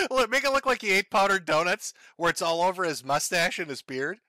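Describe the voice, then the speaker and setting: A man's voice: fairly high pitch, pushed and bright, no room sound. A man doing casual livestream commentary on clips, mocking and profane, often breaking into laughter.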